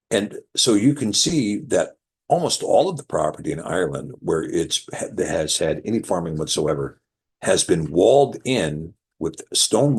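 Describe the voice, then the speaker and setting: A man teaching a Bible lesson who explains Hebrew words slowly, repeats key terms and draws as he goes. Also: low-pitched, creaky, darkish tone, breathy edge. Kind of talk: scripture lesson with a drawing board.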